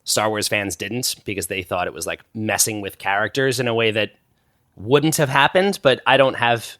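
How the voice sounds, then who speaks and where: A man's voice: lowish voice, moderate pace, fairly bright tone, no echo, clean studio sound. A man in his thirties chatting as a podcast guest, rambling through stories with lots of fillers and restarts. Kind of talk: casual chat.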